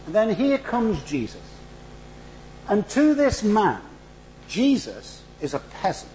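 Northern English male preacher, middle-aged, fairly high voice with lively swings, chatty sermon with emphatic build-ups. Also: slow, slight background noise, rough recording. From northern England. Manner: animated, rising to emphatic rhetorical build-ups; conversational, with asides and humour. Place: church.

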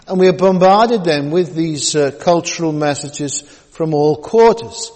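A man preaching a sermon, halting with many fillers and repeated words, with folksy asides. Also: on the high side, a little mellow. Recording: long hall reverb.

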